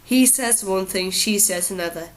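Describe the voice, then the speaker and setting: A woman voicing a gruff, weary bearded king who speaks impatiently and blusters, in an audiobook reading. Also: medium pitch, moderate pace, natural voice, poor audio.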